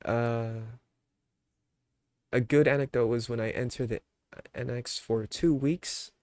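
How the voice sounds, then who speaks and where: A man's voice: medium pitch, steady tone, slow pace, darkish tone, no echo. A young man chatting casually on his live stream, ranting with mock anger at his chat, then laughing and apologizing.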